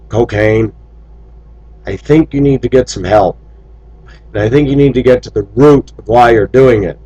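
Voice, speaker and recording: A man's voice: medium pitch, a little mellow, rough recording. A blunt man from the United States lays out his opinions directly to his viewers. His voice sits in an average range, and his delivery is firm and preachy. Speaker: vlogger.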